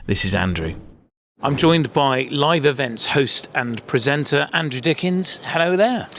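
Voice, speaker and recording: Male host, chatty interviewer, mid-pitched, busy show hall, light background noise. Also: animated, unhurried, fairly bright tone. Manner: chatty, laughs easily. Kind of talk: casual interview at a trade show.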